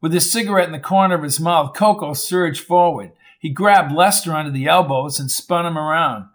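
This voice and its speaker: Male audiobook narrator, slightly high voice. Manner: steady, measured reading. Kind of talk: scripted narration.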